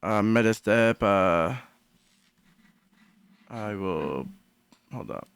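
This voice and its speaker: A man with a deep, smooth voice hosting a casual live-stream commentary, rambling and swearing freely. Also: lively intonation, drawn-out words, fairly bright tone, dry recording. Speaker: livestream commentary host.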